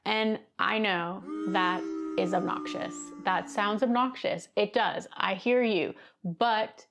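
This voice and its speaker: A woman's voice: medium pitch, slow pace, gravelly, music in the background. A woman coaching video creators in a casual, conversational talk to camera, laughing easily as she explains. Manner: conversational, laughs easily, gestures while talking. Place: seated indoors, filming herself.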